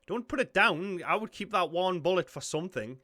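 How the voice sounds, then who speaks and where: A young man with a Geordie accent, reacting to a film with excitable, sweary commentary. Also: sits high, fairly quick, no room sound, clean studio sound. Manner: excitable, sweary, blurts out shock. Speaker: reaction video host.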